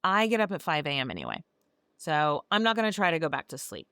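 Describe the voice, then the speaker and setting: A woman's voice: deep voice, wildly swooping pitch, quick pace, a bit bright, clean tone, no room sound, clean studio sound, heavily acted. A woman voicing a brooding, volatile grown man in a comic book recap, blunt and cursing. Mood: flat. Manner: blunt, cursing, then pleading.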